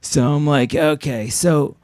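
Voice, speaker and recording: A man spins an improvised comic story on a live stage, rambling through fillers and curses. His delivery swings between loud outbursts and low asides. The sound is dry and close, with no room echo. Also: expressive, moderate pace. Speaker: actor and co-host.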